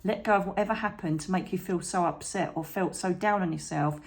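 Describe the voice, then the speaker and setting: A woman gives a casual tarot reading, talking straight to her viewers. Her voice sits a little low, and she keeps checking in with friendly tag questions as she coaxes them along. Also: a little fast. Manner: chatty, encouraging, frequent "okay?" tag questions. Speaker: psychic tarot reader. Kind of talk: chatty tarot reading to camera.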